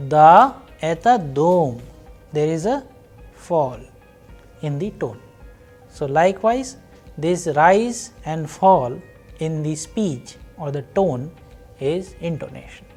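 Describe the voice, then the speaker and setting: A woman teaching a recorded university lesson, explaining slowly and patiently and repeating each example. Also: on the low side, a little mellow. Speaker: language teacher.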